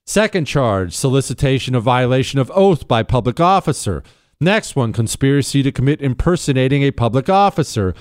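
A middle-aged man hosting a talk radio show, telling stories and riffing on the news in a sarcastic, animated way. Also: medium pitch, a little fast, no room sound, clean studio sound.

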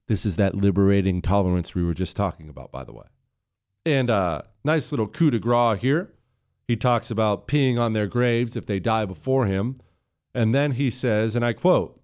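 Male radio host, fairly low voice, sarcastic and combative, studio mic. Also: expressive, normal speed. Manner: combative, sarcastic, building to loud emphatic outbursts. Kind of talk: political talk radio monologue. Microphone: studio microphone.

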